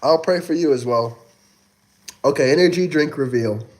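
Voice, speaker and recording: Young man, livestream host, fairly high voice, mocking, taunting, swears a lot. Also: moderate pace. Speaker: livestream host reading chat. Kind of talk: casual livestream chat.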